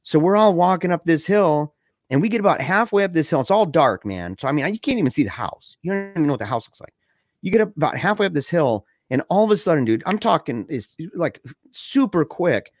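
Young man, casual spooky story, slangy, excitable, slightly high voice, dry close sound. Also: fairly quick, no echo. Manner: excited, slangy, says dude and man a lot.

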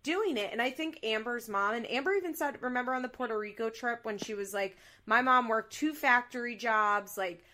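A woman co-hosting a podcast, recapping a reality show in candid, animated casual chat and swearing freely. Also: fairly high pitch, brisk, hardly any pauses, slight background noise. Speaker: podcast co-host.

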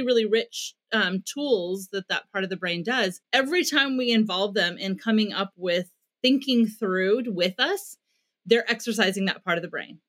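A woman's voice: mid-range voice, fairly bright tone. A middle-aged woman, a parenting expert, answering in an interview and explaining her methods earnestly, acting out short bits of dialogue as examples.

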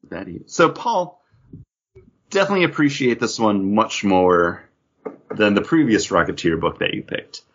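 A man's voice: on the low side, expressive, moderate pace, highs cut off. A man co-hosting a casual comics podcast, rambling with lots of fillers and joking asides. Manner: rambling, filler-heavy, jokey. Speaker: podcast co-host.

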